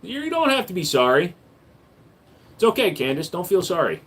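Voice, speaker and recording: A man hosting a casual livestream, answering viewer questions with a relaxed, joking manner that gets louder when he hypes up the chat. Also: high voice, normal speed. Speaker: livestream host and gun store owner.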